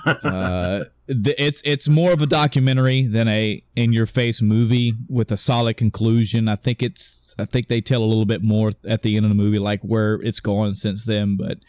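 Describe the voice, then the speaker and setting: A man's voice: lowish voice, steady tone, normal speed, darkish tone, dry recording. A man co-hosting a casual podcast chat, rambling and correcting himself as he retells a story, swearing offhand and acting out the characters' lines. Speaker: podcast co-host.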